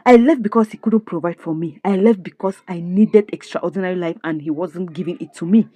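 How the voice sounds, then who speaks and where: A woman who recaps a drama series in an expressive, indignant way, full of rhetorical questions. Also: fairly low pitch, fairly quick, no room sound. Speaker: series reviewer. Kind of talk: animated story recap.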